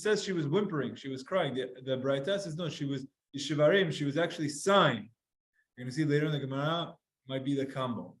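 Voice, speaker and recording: A man teaching a lively Gemara class to students, reading Hebrew lines aloud, translating them and acting out sighs and whimpers. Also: sits high. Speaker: Talmud teacher.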